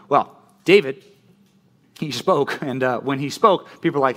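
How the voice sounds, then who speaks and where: Socal guy preaching to youth, chatty and animated, lots of likes and ums. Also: mid-range voice, normal speed, pauses often. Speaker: youth pastor. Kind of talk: casual youth sermon.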